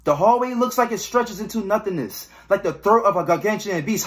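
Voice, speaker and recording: A man's voice: high-pitched, fairly quick. A young man giving joking, swearing horror game commentary, reading the game text aloud. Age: young adult. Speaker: gaming YouTuber.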